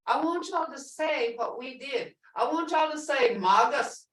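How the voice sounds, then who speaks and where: A woman teaching a language class, repeating words slowly and prompting her students to say them back. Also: high-pitched, animated, a bit bright. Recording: echoey room, mic at a distance.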